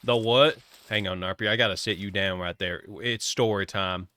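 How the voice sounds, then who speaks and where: A man's voice: on the low side, steady tone, normal speed, sharp tone, smooth. A man streaming a game, chatting casually and joking with viewers as he rambles.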